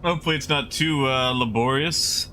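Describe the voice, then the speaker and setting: A man's voice: medium pitch, moderate pace, pushed and bright, slight background noise. A man streaming a game live, chatting casually and rambling as he muses aloud to his chat.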